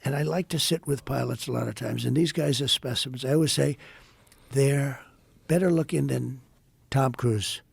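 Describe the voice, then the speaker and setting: A man's voice: mid-range voice, normal speed, vocal fry, breathy edge, no echo. A man in his seventies from the United States, a podcast guest telling a long story in a rambling, repetitive way full of superlatives. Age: 70s. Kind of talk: casual storytelling in a podcast interview.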